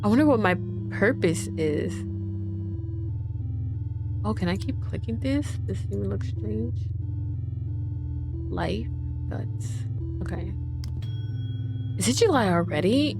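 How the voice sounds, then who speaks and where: With music in the background, a gaming YouTuber comments casually on her let's-play, reading game text aloud and swearing freely. Her mid-range voice has lively intonation, a measured pace, and frequent pauses.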